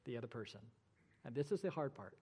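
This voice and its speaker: A man's voice: mid-range voice, animated, quick pace, dark tone, slightly rough. Man preaching in a reverberant hall. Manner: emphatic preaching with rhetorical questions. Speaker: pastor. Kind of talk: sermon.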